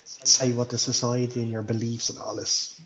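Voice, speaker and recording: A man in a mid pitch narrates a tabletop game as game master. He describes scenes haltingly, with restarts. The audio is slightly dull and lo-fi. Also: level tone, crowd noise.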